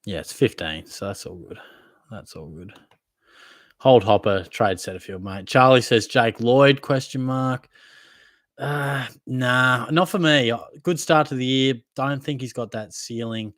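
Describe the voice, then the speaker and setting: A man's voice: medium pitch, unhurried, fairly bright tone, dry recording, clean studio sound. A young Australian man hosting a casual live Q&A, reading viewer comments in a laid-back, matey way. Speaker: fantasy football livestream host.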